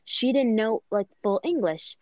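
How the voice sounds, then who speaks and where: A woman's voice: fairly high pitch, lively intonation, a little slow, darkish tone, no echo, muffled recording. A young woman whose first language is Spanish, chatting with friends and telling stories full of fillers. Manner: chatty storyteller, filler-heavy. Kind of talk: casual chat among friends.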